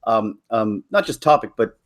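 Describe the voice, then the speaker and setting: A man's voice: lowish voice, normal speed. A man from Canada hosting a casual chat, joking around and slipping into silly put-on accents. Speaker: host.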